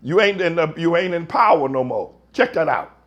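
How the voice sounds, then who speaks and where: Preacher guy going off, loud then quiet, slangy, really high and lively pitch. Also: moderate pace. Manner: loud, heated, swings between shouting and muttering; folksy, slangy. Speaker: pastor. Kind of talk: fiery preaching rant.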